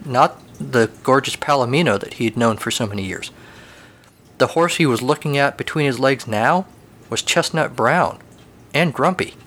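A man's voice: medium pitch, moderate pace. Wry male storyteller. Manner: wry, deadpan. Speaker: narrator. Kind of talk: storytelling narration.

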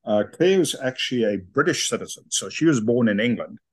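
A man's voice: medium pitch, expressive, fairly quick, husky. A man in his fifties, from South Africa with an accent tinged by Australia, telling his story as an interview guest in a chatty, self-amused way. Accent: South African with Australian tones.

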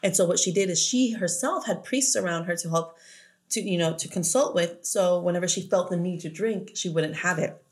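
Woman, podcast co-host, lower voice, laughs a lot, swears, casual film recap. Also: fairly quick. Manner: laughs often, loose and profane.

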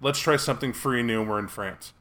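A man co-hosting a casual podcast and speaking as a game master, driving his points home with emphatic, sarcastic rhetorical questions. His voice is bright and forceful, with a pitch in the normal range. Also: fast. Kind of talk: casual chat.

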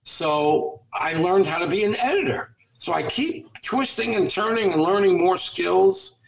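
A man's voice: sits high, expressive, a little slow, vocal fry, echoey room, poor audio. A man speaking as a guest in an interview, giving earnest, motivational advice with a coaching tone.

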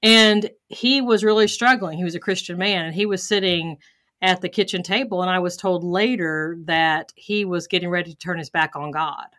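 A woman with a bright, clear voice hosts a podcast and tells a story from her own life. She is candid and pokes fun at herself, acting out her own reactions as she goes. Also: lowish voice, fairly even intonation, moderate pace. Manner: candid, self-deprecating, acts out her own thoughts. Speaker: podcast host. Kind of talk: personal story in a podcast interview.

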